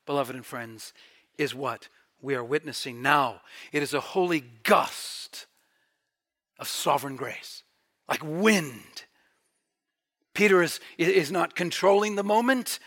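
A middle-aged man preaching a sermon, swinging from quiet, reflective passages to emphatic, near-shouted peaks. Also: a little high, unhurried. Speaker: pastor.

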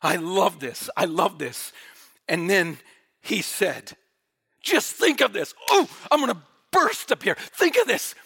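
A man's voice: high-pitched, sing-song, slow pace, vocal fry, husky. A male preacher delivering a dramatic sermon, dropping to near-whispers and then surging with fervor. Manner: dramatic, swings from quiet whispers to fervent bursts.

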